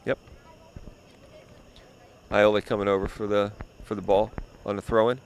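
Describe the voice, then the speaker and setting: Lower-voiced man calling a soccer game. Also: flat delivery, moderate pace. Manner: explains plays, says "yep" and "uh" often. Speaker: play-by-play commentator. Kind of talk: local sports commentary. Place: outdoor soccer field. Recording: faint outdoor noise.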